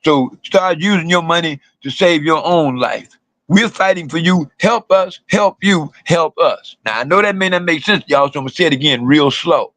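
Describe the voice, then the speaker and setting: A man's voice: a little high, lively intonation, moderate pace, a bit bright, no echo, poor audio. An older man, delivering fiery, blunt political commentary as a radio host and repeating slogans for emphasis.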